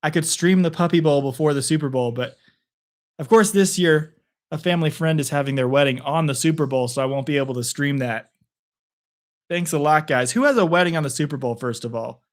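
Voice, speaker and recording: Man, slightly high voice, casual home play-by-play streamer who chats freely with viewers. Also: a little fast. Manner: chatty, rambling, talks to viewers. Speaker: streamer giving live play-by-play. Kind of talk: casual live play-by-play and chat. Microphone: phone propped on a picture frame.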